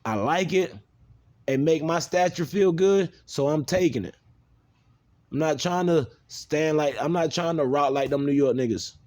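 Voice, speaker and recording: A man's voice: on the high side, a little slow, darkish tone. A man from the South, talking bluntly and profanely in an unscripted video monologue. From American South. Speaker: video maker.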